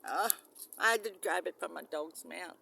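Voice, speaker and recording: A vlogger, filming outdoors beside a van on a handheld phone, rambling and swearing, swinging between loud outbursts and low muttering. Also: normal speed, gravelly, heavy background noise. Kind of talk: rambling handheld vlog monologue. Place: outdoors beside a parked van near mangroves.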